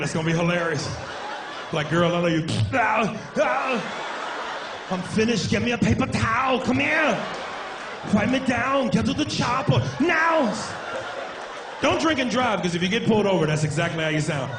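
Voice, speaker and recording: A man doing a stand-up comedy set on a club stage, brash and profane, breaking into shouted impressions. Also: sits high, noisy background.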